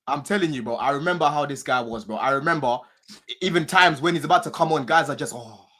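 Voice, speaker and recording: Husky-voiced man, fan podcast co-host, blunt slangy football talk. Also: a little high, quick pace, bright, forceful tone. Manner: slangy, swearing, repeats phrases. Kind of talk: casual banter.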